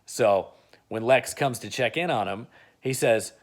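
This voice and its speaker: A man's voice: medium pitch, a little slow. A man casually retelling an imagined film plot in a chatty way, with lots of "uh" and "like". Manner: chatty, with frequent "uh" and "like". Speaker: video creator.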